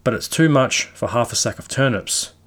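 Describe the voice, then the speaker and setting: A man's voice: medium pitch, normal speed, close to an everyday voice. A man voicing a worried married village landlord who talks in plain, fretful country speech.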